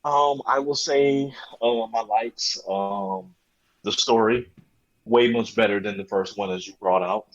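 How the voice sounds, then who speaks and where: Man, podcast panelist, slow halting delivery, dull lo-fi audio. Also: on the low side. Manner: slow, hesitant, many "um"s. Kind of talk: casual movie review chat.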